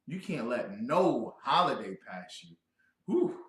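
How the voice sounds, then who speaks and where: A man giving a loud, joking scripture lesson who quizzes his listeners. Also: mid-range voice, big pitch swings, takes it slowly, reverberant. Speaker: scripture teacher. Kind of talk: animated scripture breakdown.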